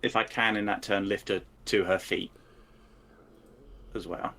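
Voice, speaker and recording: A man's voice: lowish voice, fairly even intonation, unhurried, sharp tone. A man playing a tabletop game, talking through his turn in a thoughtful, hesitant way. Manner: thoughtful, hesitant, thinks aloud. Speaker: player.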